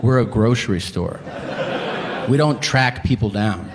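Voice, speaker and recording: A man's voice: on the low side, a little slow, background noise, pitched below the performer's own voice, natural voice. A man doing a rude, curt store clerk. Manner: blunt, rude brush-off.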